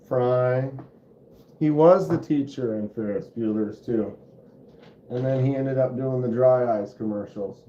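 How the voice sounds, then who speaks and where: A man's voice: mid-range voice, warm tone. A man hosting a casual live stream about knives, rambling at an easy pace with lots of fillers, recorded on a phone microphone. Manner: rambling, laid-back, many fillers. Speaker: knife channel host. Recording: muffled, roomy phone audio.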